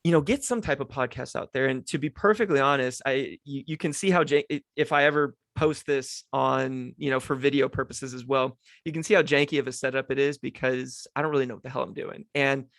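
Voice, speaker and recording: A young man tells a childhood story on his own podcast, rambling and poking fun at himself with lots of restarts. His voice is medium-pitched and a bit bright, with vocal fry, and he talks briskly with hardly any pauses. The dry home setup has no echo.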